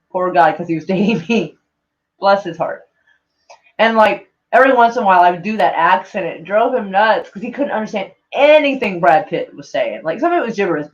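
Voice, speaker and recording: A woman's voice: fairly low pitch, lo-fi sound. A woman live-streaming in a casual chat, reading tweets aloud to her viewers, swearing freely and laughing often.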